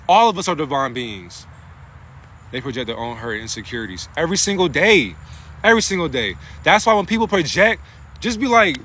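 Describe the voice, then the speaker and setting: A man's voice: on the high side, a bit bright, a little hiss or hum. A man delivering a rambling, profane spiritual monologue into his phone, preaching in a casual way. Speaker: spiritual vlogger.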